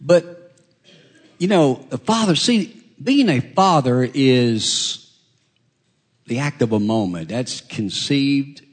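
Middle-aged guy preaching, chatty and loose, voice rising and dropping a lot, stops and starts. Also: slightly rough. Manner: conversational preaching with pauses and restarts, lively swings in pitch. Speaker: pastor. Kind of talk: sermon.

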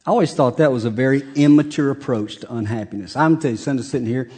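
A middle-aged male pastor preaching a sermon in a folksy, joking way, with big swings between loud and soft. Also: medium pitch, fast, breathy edge.

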